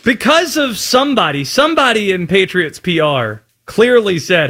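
Man, high voice, sports talk co-host, measured and argumentative. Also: big pitch swings, fairly bright tone. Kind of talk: casual sports debate.

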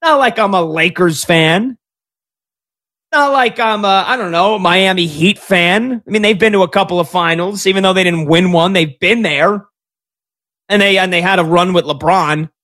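A man in his thirties hosting a sports talk radio show, talking like an excitable, fast-talking fan. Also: high voice. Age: 30s.

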